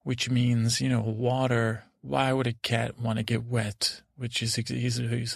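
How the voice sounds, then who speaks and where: Gravelly man rambling a bedtime story. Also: mid-range voice, monotone, a little slow, few pauses, dry recording, studio quality. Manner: rambling, meandering. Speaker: storyteller host. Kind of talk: improvised bedtime story narration.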